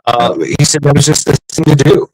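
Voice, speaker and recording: A man's voice: a little high, steady tone, a little fast, no echo, poor audio. A middle-aged man chatting casually, telling rambling stories with lots of swearing and restarts. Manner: profane, rambling storyteller with many restarts. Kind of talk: casual chat.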